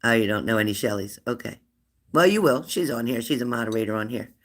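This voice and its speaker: A woman in her fifties hosting a live stream, chatting warmly and laughing as she reads out viewers' comments. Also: extremely low pitch, lively intonation, fast talker. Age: 50s. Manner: chatty and affectionate, laughs often, answers comments aloud. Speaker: livestream host of a spirit-messages channel.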